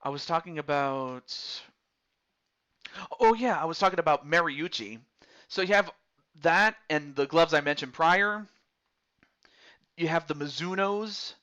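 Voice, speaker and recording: A chatty man narrates a video game's character creator, reading out options and confirming a viewer's picks. His voice sits a little high and sounds bright. The recording is dull and lo-fi. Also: measured pace, long pauses. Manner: chatty, talks through menu choices aloud. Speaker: streamer. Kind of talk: casual game commentary.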